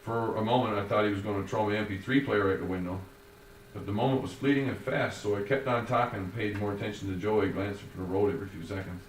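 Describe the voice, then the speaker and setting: A man reading his own first-person story in a wordy, formal, measured way. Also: on the low side, fairly even intonation. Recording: roomy, distant, faint noise.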